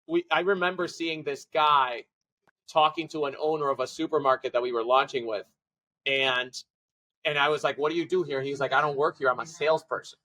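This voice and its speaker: A man, a tech company CEO, telling stories as a guest in a casual podcast interview, acting out quoted dialogue with quick, run-on phrasing. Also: on the high side, steady tone, bright, forceful tone, poor audio. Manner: fast, run-on phrasing with restarts.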